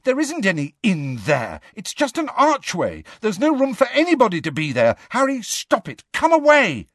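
A man reading aloud and voicing a frightened, bossy teenage schoolgirl witch in a high-pitched, strained, insistent voice. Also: wildly swooping pitch, measured pace, a bit bright, no room sound, clean studio sound, full character voice. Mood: scared, insistent.

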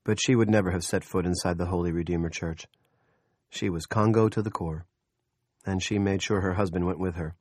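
A man narrating an audiobook in a steady, measured storytelling voice. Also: sits low, dry recording, clean studio sound. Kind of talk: scripted narration.

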